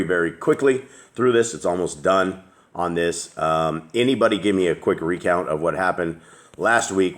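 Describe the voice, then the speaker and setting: A man with a very deep voice hosts a casual chat. He rambles along with plenty of fillers and restarts. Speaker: host.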